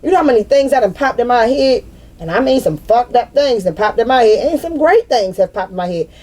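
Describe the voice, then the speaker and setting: In an unscripted venting monologue for her spiritual vlog, a woman in her thirties speaks bluntly and profanely to the camera, saying things again to hammer them home. She talks a little fast, with a fairly high, slightly mellow voice and lively intonation.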